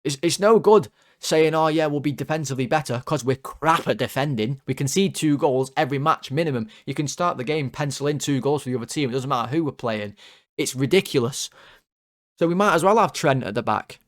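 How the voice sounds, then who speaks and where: Guy ranting about his team, fuming and sweary, mid pitch. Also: animated, a little fast. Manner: heated, sweary, exasperated. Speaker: football fan channel host. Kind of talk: angry ranting player ratings.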